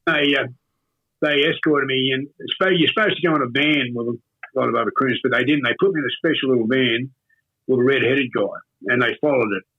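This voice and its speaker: An older man with an Australian accent, telling a long story in an interview in a rambling, halting way with many fillers and restarts. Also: mid-range voice. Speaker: interview guest. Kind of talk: casual storytelling. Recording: tinny phone-like audio.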